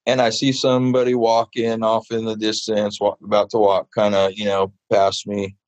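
A man being interviewed about his mural work, telling stories in a casual, animated way full of fillers. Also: fairly low pitch, normal speed, no echo. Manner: animated, chatty, many fillers. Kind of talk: casual storytelling.

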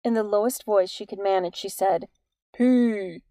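A woman reading an audiobook in an even, measured storytelling manner. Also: medium pitch, no echo. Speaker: audiobook narrator. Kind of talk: scripted narration.

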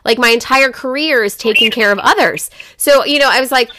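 A woman's voice: on the high side, brisk, bright, forceful tone, no echo, clean studio sound. A woman who is a mother, telling a personal story in a frank, casual podcast conversation, swearing freely and leaning on "like" and "you know". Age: adult parent. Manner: frank, profane storytelling with filler words.

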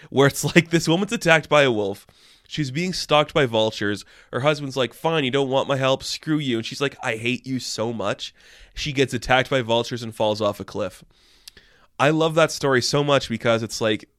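A young man recapping a movie in a casual, rambling and excitable way, often incredulous and breaking off mid-sentence. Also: medium pitch, clear, resonant tone, dry recording, clean studio sound. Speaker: movie reviewer.

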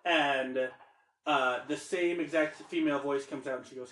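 A man's voice: mid-range voice, moderate pace, fairly bright tone, reverberant, poor audio. A man narrating a tabletop game as game master, loose and chatty with many fillers.

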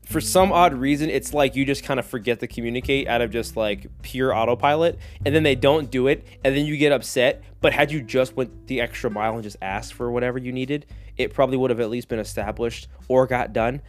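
A man's voice: medium pitch, brisk, few pauses, soft background music. A man hosting a casual solo podcast, rambling and joking as he talks, with lots of fillers. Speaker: podcast host.

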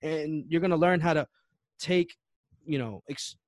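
A young man in casual chat, slangy and animated, saying "bro" again and again. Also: on the high side, dry recording. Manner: rapid, slangy, says bro a lot.

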